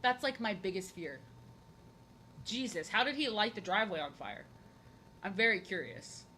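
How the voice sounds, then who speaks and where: Chatty woman streamer with a bright voice. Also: mid-range voice, expressive, normal speed, slight background noise, poor audio. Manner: chatty and rambling, repeats phrases, playful. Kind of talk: casual chat while drawing on a live stream.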